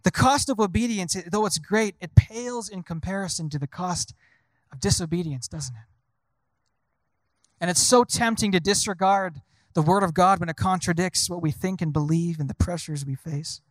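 Brief: a male preacher with a high voice, questioning his listeners, dry sound. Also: moderate pace, dry recording. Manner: rhetorical questions to the congregation. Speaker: pastor. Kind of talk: sermon.

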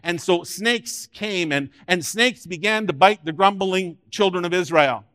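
A man preaching a sermon as pastor, rising loud and high on key points and dropping quiet for emphasis. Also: measured pace, no room sound, studio quality.

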